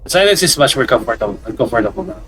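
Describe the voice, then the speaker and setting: A man's voice: mid-range voice, lively intonation, very fast, fairly bright tone, slight background noise. A man narrating a visual novel aloud as a let's play commentator, hesitant and repeating words as he reads.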